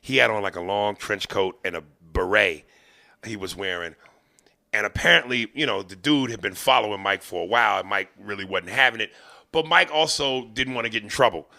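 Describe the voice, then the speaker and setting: Gravelly-voiced man telling comic stories. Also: mid-range voice. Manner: animated, profane, acts out the people in his stories. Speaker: podcast host. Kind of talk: comedic storytelling.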